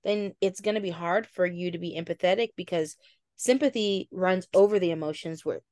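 A woman co-hosting a faith-based podcast, explaining ideas calmly with examples and quoted dialogue. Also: lowish voice, fairly quick, no room sound, studio quality. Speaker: podcast co-host. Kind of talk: casual chat.

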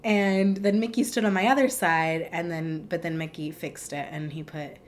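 A woman's voice: fairly low pitch, fairly even intonation, normal speed. A young woman co-hosting a podcast in casual chat, rambling and chatty with lots of "like"s. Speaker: podcast co-host.

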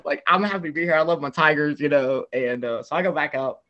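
A young man from the American South telling an excited story in casual chat, filling his talk with "like" and acting out what people said. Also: on the high side, fairly quick, muffled recording, a little hiss or hum. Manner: excitable storyteller, heavy "like" filler, acts out quotes. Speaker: guest telling a travel story.

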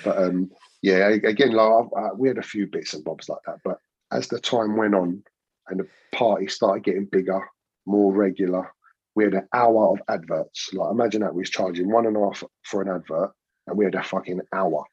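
Husky London man telling war stories. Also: low-pitched, a little fast, no room sound. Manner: swearing, slangy, animated anecdotes. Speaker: podcast guest, former pirate radio owner. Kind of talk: casual storytelling chat. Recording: dull, dry lo-fi podcast audio.

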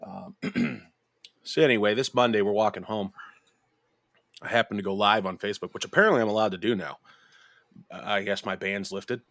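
Low-voiced guy on a podcast, cussing, animated storytelling, dry close mic. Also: moderate pace, creaky, pauses often, dry recording. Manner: profane, animated, bursts into high mimicking voices. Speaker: podcast host. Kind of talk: casual storytelling chat.

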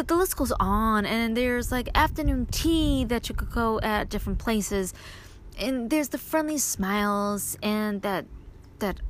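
A woman's voice: medium pitch, a little hiss or hum. Chatty woman podcasting outdoors. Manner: chatty, rambling, with many fillers and restarts. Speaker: podcast host and indie author. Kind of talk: casual solo podcast monologue.

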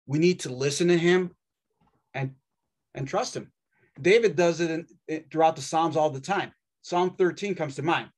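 A man preaching a sermon in a wry, conversational way, with dramatic pauses. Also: on the high side.

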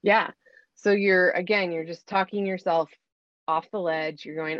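A woman's voice: fairly low pitch, steady tone, a little slow, no room sound, highs cut off. A woman giving earnest, coaching advice in a conversational talk, often acting out what to say to yourself.

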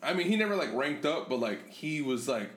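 A man with a slightly high voice tells a story in animated, profane podcast chat that is full of fillers. He sounds loose and chatty. The room is echoey, with faint ambient noise behind him. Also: a little fast. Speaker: podcast co-host.

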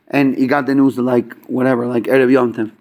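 Speaking briskly in a medium-pitched voice, a man from a Chabad yeshiva student background recounts a story at an informal gathering. His telling is animated and loose, packed with fillers, and he performs the characters' dialogue.

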